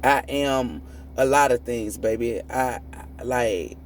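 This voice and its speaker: A woman's voice: extremely low pitch, slow pace, a little hiss or hum. A woman tarot reader delivering a profane, preachy spiritual rant, emphatic and prone to repeating and restarting words when fired up. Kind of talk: ranting spiritual monologue.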